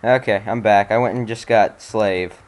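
A man with a slightly low voice talks through a video game in loose, off-the-cuff commentary. He mutters to himself between moves and regularly erupts into exasperated swearing. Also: fairly even intonation, moderate pace. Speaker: video game let's-play host. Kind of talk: casual gameplay commentary.

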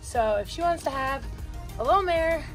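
A young woman with a slightly high voice chats her way through a horse-grooming vlog. She talks to the camera and coos at the animals beside her. Soft music runs faintly under her voice. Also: lively intonation, normal speed. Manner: chatty, talks to her horses in a bright coaxing voice. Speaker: vlogger and horse owner. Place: outdoors and in a barn with horses.

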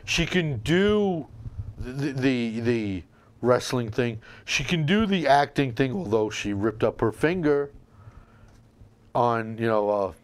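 A man's voice: medium pitch, lively intonation, slow pace. A man hosting a combat sports podcast, talking in a casual, showman-like way with playful sign-offs. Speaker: podcast host. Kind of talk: casual solo commentary.

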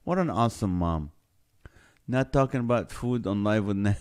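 A man with a fairly low voice speaks a little slowly while hosting a live stream. He reads viewer comments aloud in casual chat, joking and often breaking into laughter.

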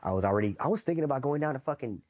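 A man's voice: medium pitch, very fast. Profane storytelling Marine veteran man. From East Los Angeles. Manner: profane, animated, acts out quoted voices. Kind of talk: casual storytelling interview.

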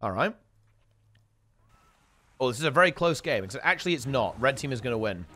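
Lively chatty male game caster. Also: medium pitch, fairly quick. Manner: chatty, rambling, self-correcting asides. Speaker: esports tournament commentator. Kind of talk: casual live game commentary.

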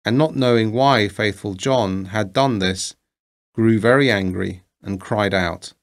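A man reading an old fairy tale aloud in a measured, deliberate storytelling manner. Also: lowish voice. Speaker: narrator.

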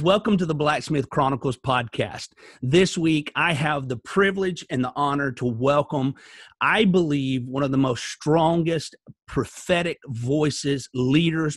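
A man's voice: fairly high pitch, unhurried, no echo. Effusive male podcast host, dry sound. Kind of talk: casual interview hosting.

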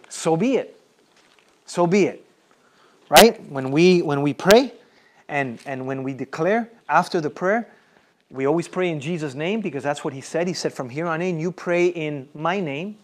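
A pastor with a high, light voice delivers an emphatic sermon. He repeats his phrases and calls for responses from the congregation. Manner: repetitive, emphatic.

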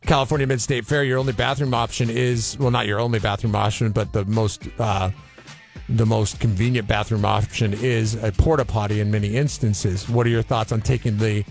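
A man's voice: fairly low pitch, fairly even intonation, fairly quick, gravelly, soft background music. A man co-hosting a radio talk show, joking and acting disgusted in casual banter. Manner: joking, mock-disgusted, slips into put-on British voice. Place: radio studio.

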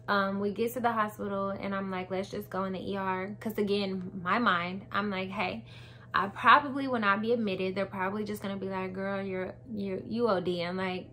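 A young woman telling a birth story to her viewers in animated, casual chat, acting out what people said. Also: mid-range voice, slight background noise. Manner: animated, addresses viewers as y'all, acts out quotes.

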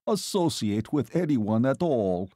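A man's voice: mid-range voice, big pitch swings, measured pace, dark tone, no room sound, studio quality. A man reading an audiobook, voicing a foreign colonel who speaks in a bored, disinterested, condescending way.

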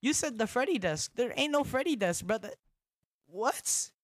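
A young man streaming a horror game, jumpy and excitable, who repeats himself in slangy bursts and drops to a whisper when tense. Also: extremely high pitch, moderate pace, dry recording, clean studio sound. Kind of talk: live gaming commentary.

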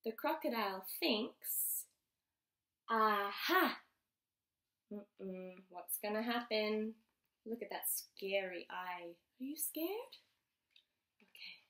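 A woman reading a picture book aloud to young children, animated and questioning. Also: medium pitch, reverberant. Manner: slow, animated, asks the listener questions. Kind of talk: expressive read-aloud for young learners.

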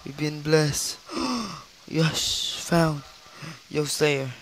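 Reacting live to a mobile game, this teenage male host gasps, exclaims over and over, and speaks with loose, shaky grammar. The recording is low quality with a faint hiss, and his medium-pitched voice is slow and a bit bright.

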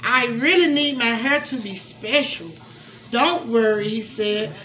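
A woman, reading a picture book aloud to her young child in a soft, coaxing way, with asides. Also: on the high side, measured pace.

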